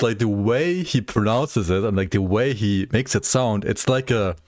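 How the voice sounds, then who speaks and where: A man's voice: fairly low pitch, dry recording. A young man chatting casually on a gaming livestream, rambling, swearing freely and laughing often. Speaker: gaming streamer.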